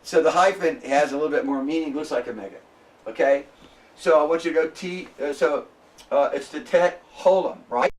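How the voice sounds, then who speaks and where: A man lecturing a classroom, slowly spelling out sounds and checking in with his students. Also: fairly high pitch, far from the mic.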